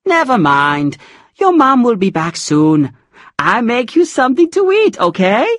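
A reader voicing a kind, motherly middle-aged housekeeper who speaks gently and coaxingly. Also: high-pitched, big pitch swings, measured pace, dry recording, clean studio sound, pitched above the performer's own voice.

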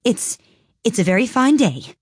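A woman voicing a timid, anxious male rabbit who talks in a nervous, hushed way. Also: high-pitched, wildly swooping pitch, unhurried, husky, no echo, clean studio sound, voice pushed up, heavily acted.

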